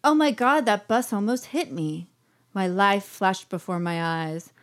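A woman's voice: medium pitch, expressive, a little slow, lightly acted. A breathless, gushing soap-opera heroine torn between three lovers, read by a woman. Every line lands with overblown drama. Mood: dramatic. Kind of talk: soap-opera style reading.

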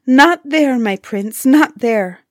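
A woman voicing a gentle, frightened young maiden in a storybook, pleading in a raised voice. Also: mid-range voice, slow, no echo, studio quality, natural voice.

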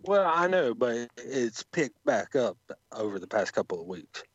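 A man on a podcast who chimes in with brief remarks during casual chat. His voice is husky and his pitch moves around a lot. The audio is dry and a little muffled. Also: big pitch swings, unhurried, no echo. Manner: brief interjections.

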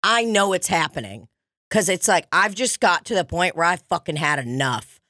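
A woman co-hosting a casual chat, telling stories in an animated, profane way. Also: on the low side, normal speed, no echo, studio quality. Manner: profane, animated storytelling with acted quotes.

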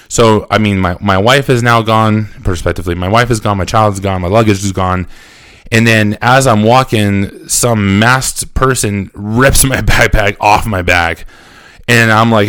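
Guy telling a story from his own life, lots of "like" and restarts, smooth low voice. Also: a little slow, no echo, clean studio sound. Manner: animated storytelling, acting out quotes; frequent fillers and restarts. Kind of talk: personal anecdote.

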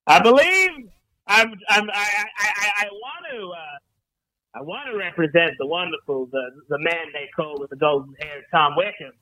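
A man voicing a brash, foul-mouthed American talent agent calling in, with loud boasts and stammering restarts. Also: fairly high pitch, animated, moderate pace, poor audio. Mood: sleazy. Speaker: caller.

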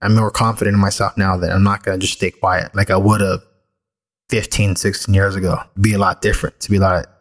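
A middle-aged man with a fairly low voice speaks candidly and reflectively, like someone recounting a personal story on his own podcast. He talks in a loose, conversational way, full of everyday fillers. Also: little pitch movement, fast talker.

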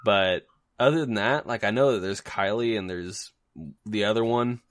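A man's voice: fairly low pitch, moderate pace, no echo, studio quality. A man co-hosting a podcast in casual chat, joking loosely with many restarts and fillers. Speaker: podcast co-host.

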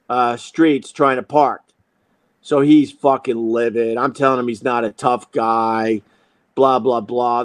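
A man's voice: medium pitch, no echo. A man telling a comic story in a profane, self-mocking monologue as host.

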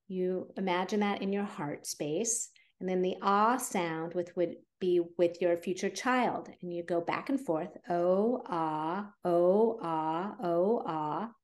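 A woman's voice: on the low side, a little mellow. A woman guest on a podcast, a fertility coach explaining her methods in an earnest, conversational way with fillers. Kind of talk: podcast interview.

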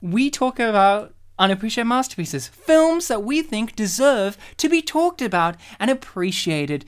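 A man's voice: high-pitched, very animated, unhurried, clean tone. A man co-hosting a casual film podcast, joking and rambling, swearing and laughing often. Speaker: podcast co-host.

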